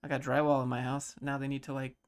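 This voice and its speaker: Low-key man in his thirties chatting on stream. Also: level tone, quick pace, smooth. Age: 30s. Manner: low-key, mellow, reads chat questions aloud and answers. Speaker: streamer answering chat. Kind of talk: casual livestream chat.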